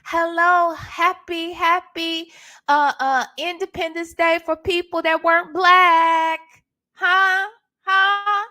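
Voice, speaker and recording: A woman hosting a live stream, with a high voice that stays up in her register. She talks in an unhurried, drawn-out way, greeting her chat and tossing in emphatic asides. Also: fairly even intonation, pushed and bright. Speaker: livestream host.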